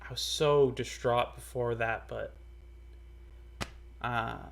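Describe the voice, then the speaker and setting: A young man telling a personal story in a casual, earnest way, halting often with fillers and restarts. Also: mid-range voice, steady tone, creaky, a little hiss or hum. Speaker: storyteller vlogger.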